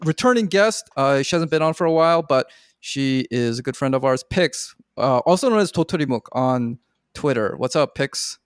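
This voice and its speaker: A man's voice: medium pitch, expressive, moderate pace, clear, resonant tone, dry recording, studio quality. A man hosting a podcast, introducing a guest in a friendly, casual way with lots of filler words. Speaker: podcast host. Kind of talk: casual chat.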